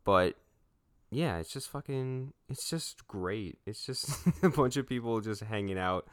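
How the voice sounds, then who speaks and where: A man's voice: lowish voice, animated, unhurried, smooth, no echo, clean studio sound. A young man co-hosting a casual movie review chat, laid-back, swearing freely and laughing often. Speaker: podcast co-host.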